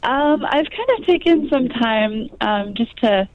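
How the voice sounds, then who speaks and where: A woman in her twenties, a guest in an interview, speaking softly with many ums and likes. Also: fairly high pitch, expressive, measured pace, dry recording, highs cut off. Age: 20s. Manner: soft-spoken, frequent ums and likes. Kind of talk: interview conversation.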